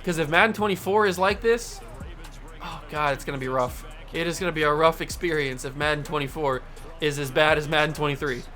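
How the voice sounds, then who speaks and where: A man hosting a gaming channel, commentating his own video game play and yelling in frustration when it goes wrong. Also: a little high, fairly quick, faint music behind.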